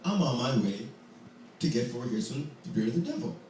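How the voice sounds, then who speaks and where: A man's voice: mid-range voice, sing-song, fairly quick, warm tone, slight background noise, close to an everyday voice. A man voicing a polite, cheerful boy on a quest who speaks eagerly and courteously, heard from far off in an echoey hall.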